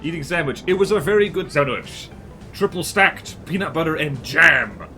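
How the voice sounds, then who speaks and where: A man streaming a game live, chatting casually and reading chat, yelping and rambling excitably. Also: on the high side, moderate pace, faint music behind.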